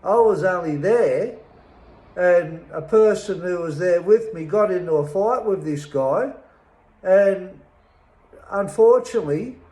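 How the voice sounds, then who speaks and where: A middle-aged man with an Australian accent speaks slowly and deliberately, leaning hard on his words with a bitter edge. His voice sits a little higher than most men's, and the sound carries the echo of a bare room. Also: lively intonation, mellow. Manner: slow, emphatic, bitter, pausing often. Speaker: interviewee telling his life story. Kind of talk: personal testimony.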